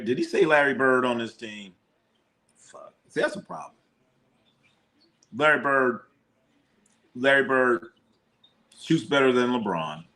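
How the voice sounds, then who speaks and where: A man hosting a live sports watch party, talking loosely and animatedly, quick to laugh and swear as he reacts to the game. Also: mid-range voice, sharp tone. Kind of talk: casual live sports commentary.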